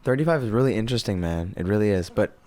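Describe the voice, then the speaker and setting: A man chatting casually as a podcast guest in an easygoing, relaxed way. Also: fairly low pitch, very fast. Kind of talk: casual chat.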